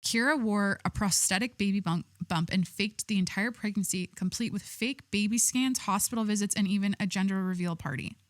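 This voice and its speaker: A woman's voice: medium pitch, a little fast, hardly any pauses, no echo, studio quality. Chatty, irreverent woman podcast host. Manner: chatty and irreverent, with many likes and restarts. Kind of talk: casual solo podcast chat, reading news aloud.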